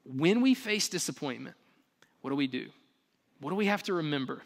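A man in his thirties preaching a sermon, animated, building emphasis with rising phrases and casual asides. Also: on the high side, fairly quick, creaky. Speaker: pastor. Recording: long reverb of a large hall.

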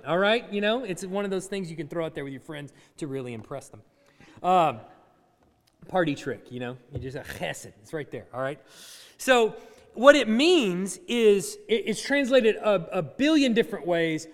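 A man with a high voice delivers a conversational sermon from the pulpit and playfully coaxes his listeners. His words ring out with a long reverb through a church sanctuary. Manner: conversational, playfully coaches the congregation. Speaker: pastor.

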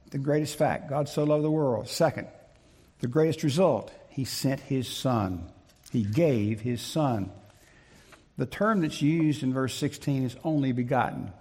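A man preaching a sermon in an emphatic, deliberate way, repeating his key phrases, with a gravelly, husky voice. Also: on the high side, mellow. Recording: long reverb of a large hall.

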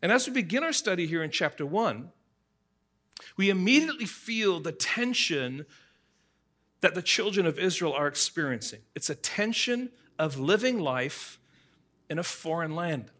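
A man's voice: fairly high pitch, very animated, normal speed, a bit bright. A man preaching a sermon, speaking directly to the congregation and telling everyday stories to illustrate scripture. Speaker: pastor.

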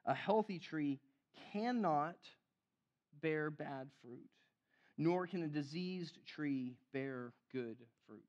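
A man preaching a sermon in an animated, conversational way, acting out the quotes he cites. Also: a little high, slow pace, lo-fi sound. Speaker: pastor.

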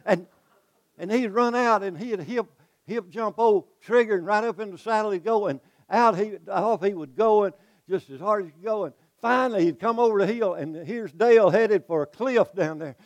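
An older man preaching a folksy, animated sermon to his congregation. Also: high voice, moderate pace, no echo. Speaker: pastor.

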